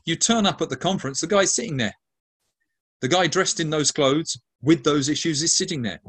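A man's voice: fairly high pitch, a little fast, fairly bright tone, husky. A man leading a Christian ministry, answering interview questions in an earnest way, often restarting and stacking lists of emphatic words. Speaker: ministry leader.

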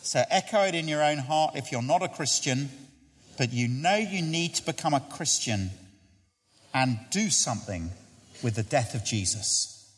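Preacher with a lively voice in a reverberant hall. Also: male voice, husky. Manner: earnest, conversational, dropping low and slow for prayer. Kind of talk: evangelistic sermon.

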